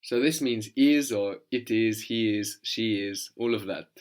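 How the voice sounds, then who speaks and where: A man with a fairly low voice leads a spoken language lesson. He talks patiently and coaxingly, slowing down to model each sound clearly for a student. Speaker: language teacher.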